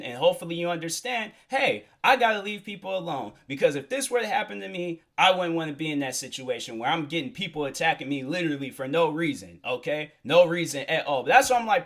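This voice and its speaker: A man's voice: a little high, a bit bright. A young man hosting a solo podcast, talking in a casual, rambling, earnest way with many fillers and restarts. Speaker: podcast host.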